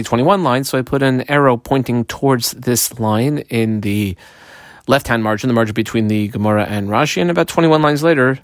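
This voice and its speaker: A man teaching a Talmud lesson step by step, reading Aramaic phrases and explaining them in English with lively jumps in pitch. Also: dry recording, clean studio sound. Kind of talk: daf yomi Talmud lesson.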